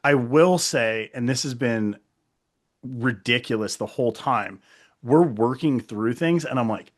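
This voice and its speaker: A man co-hosting a podcast in casual chat, animated, laughing often and acting out remarks. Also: medium pitch, unhurried. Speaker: podcast co-host.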